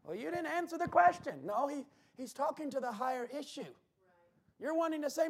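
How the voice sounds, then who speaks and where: A man with a strikingly high voice preaches in church. He works the congregation, shouting his key points and then slipping into quick, offhand asides. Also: very animated. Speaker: pastor. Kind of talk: sermon.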